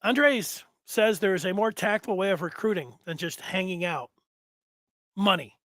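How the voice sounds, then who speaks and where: A man's voice: high-pitched, moderate pace, a bit bright, no echo. A man hosting a casual sports talk stream, chatting in a rambling way and reading out viewer comments. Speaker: sports show host.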